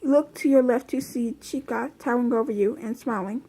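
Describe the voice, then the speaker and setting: A woman's voice: on the high side, fairly quick, warm tone, slightly rough. A woman reading a fan story aloud from a phone, in a plain, unpolished way with restarts. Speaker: reader.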